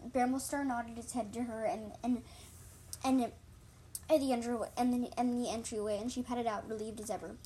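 Woman narrator, fairly high voice, halting read-aloud with many restarts. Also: fairly even intonation, dark tone, a little hiss or hum. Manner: stumbling, repeats and corrects words. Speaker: reader of her own story. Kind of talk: storybook reading.

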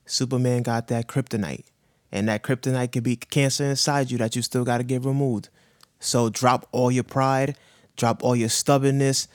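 On a podcast, a man in his thirties speaks with a steady, mid-range voice at a moderate pace, recorded in studio quality with no echo. He's a guest talking candidly and earnestly about his cancer diagnosis, choked up, urging listeners on with heavy slang and profanity.

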